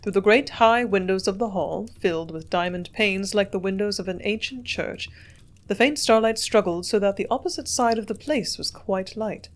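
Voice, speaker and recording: A woman reading a classic novel aloud as an audiobook narrator, with a measured, steady storytelling delivery. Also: medium pitch. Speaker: audiobook reader.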